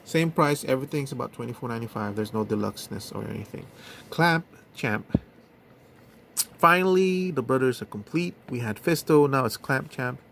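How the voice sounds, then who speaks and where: A man's voice: mid-range voice, expressive, gravelly, a bit bright, slight background noise. A man casually reviewing action figures, talking in a hesitant way with many fillers. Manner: slow, hesitant, lots of fillers. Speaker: toy reviewer.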